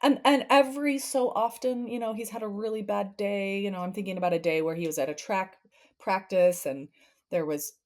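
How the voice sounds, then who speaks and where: A woman therapist, a guest on a podcast, explains parenting in a conversational way. She brings everyday family scenes to life, shifting her voice playfully as she acts them out. Her pitch sits in an ordinary middle range. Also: brisk.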